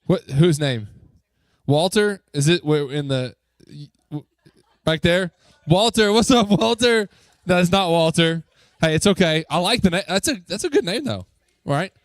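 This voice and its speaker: Upbeat youth pastor, dry sound. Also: male voice, on the high side, lively intonation, no echo. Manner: upbeat, joking, coaxing the crowd with quick questions. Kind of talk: lively talk to a youth group. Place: church youth room.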